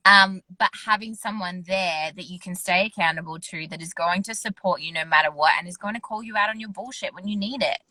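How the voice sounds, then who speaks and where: A woman in her thirties speaks frankly and earnestly on a wellness podcast, swearing casually as she talks. Her voice is bright and forceful. The recording is dry, with no room echo. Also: lowish voice, fairly quick, hardly any pauses. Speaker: wellness coach and co-host.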